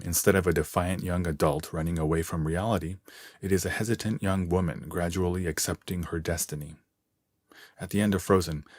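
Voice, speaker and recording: A man, a translator, reading his own written column aloud in a measured, deliberate way. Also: low voice, darkish tone, no echo.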